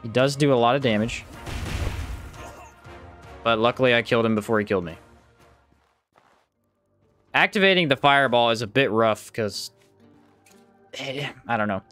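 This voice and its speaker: A man's voice: normal speed, pauses often, a bit bright, soft background music. A man streaming a game live, chatting casually with viewers and reacting to the play. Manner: chatty, reads out chat, jumps up in pitch when surprised. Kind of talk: casual live gameplay commentary.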